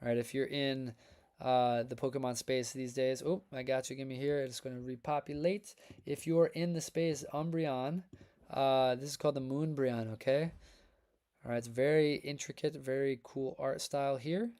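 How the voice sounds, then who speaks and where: A man's voice: mid-range voice, normal speed. A man hosting a trading card livestream, chatting casually with viewers in a hyped, upbeat way, his voice worn from reading. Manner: energetic, hype-filled, talks to chat as folks and man. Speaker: livestream host reviewing trading cards.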